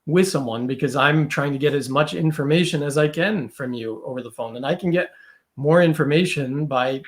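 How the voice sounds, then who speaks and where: Chatty man with a slightly high voice. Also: normal speed. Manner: chatty, loose, full of fillers and quoted asides. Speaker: podcast guest, mentalist. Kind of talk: casual conversation.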